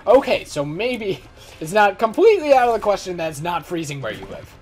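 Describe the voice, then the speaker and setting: A man's voice: sits high, sing-song, a little fast, darkish tone, soft background music. A man in his twenties giving casual gameplay commentary, rambling and joking at his own expense. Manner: rambling, joking, self-mocking. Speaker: let's play host.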